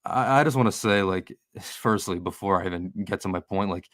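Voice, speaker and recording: A man's voice: low-pitched, a little fast, a bit bright, no echo, studio quality. A man on a casual podcast chat, a sneaker YouTuber guest who rambles heatedly, swears and restarts his sentences.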